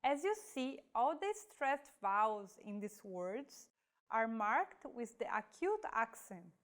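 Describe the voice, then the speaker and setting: Woman, language teacher, slow deliberate delivery, slightly high voice, carefully pronounced example words. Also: big pitch swings. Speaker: Portuguese teacher. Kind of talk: slow scripted lesson with pronunciation examples.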